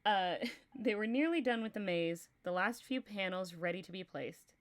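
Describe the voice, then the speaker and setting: A young woman reading a horror novella aloud to her stream. Her voice sits at a middle pitch, and she reads steadily with short asides to her audience. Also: expressive, normal speed. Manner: reads steadily, breaks into laughter and chat between passages.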